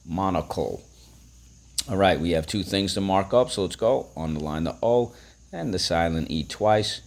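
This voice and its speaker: A man's voice: low voice, moderate pace. A man teaching a phonics lesson, breaking words into syllables and prompting listeners to repeat.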